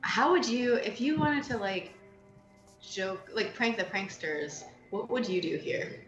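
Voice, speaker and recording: A woman's voice: a little high, lively intonation, measured pace, music in the background. A woman playing a tabletop game, bubbly and rambling, full of "like". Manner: bubbly, rambling with many likes. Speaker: player. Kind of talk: casual tabletop role-play. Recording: roomy, dull lo-fi sound.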